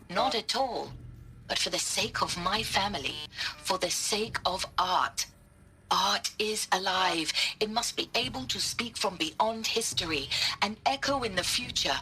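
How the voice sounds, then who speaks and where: A woman's voice: medium pitch, bright, forceful tone, slight background noise. An actress playing an earnest, idealistic female art historian in a game audio log, speaking in a solemn, questioning way.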